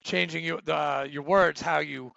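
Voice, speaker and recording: Gravelly, joking man with a bright voice. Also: fairly high pitch, fairly even intonation, a little slow, dry recording, dull audio. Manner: loose, profane, joking. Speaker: podcast co-host. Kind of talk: casual podcast banter.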